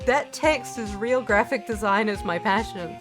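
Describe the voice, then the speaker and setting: A woman's voice: mid-range voice, moderate pace, music in the background. A woman streaming a game, reading it aloud and making playful, joking asides. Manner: playful, joking, laughs often. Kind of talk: let's play commentary, reading a game aloud.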